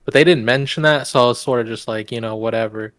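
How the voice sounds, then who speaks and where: A man's voice: mid-range voice, quick pace, a bit bright, dry recording. A man co-hosting a casual movie podcast, talking in a profane, sarcastic way and acting out quotes from the film. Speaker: podcast co-host.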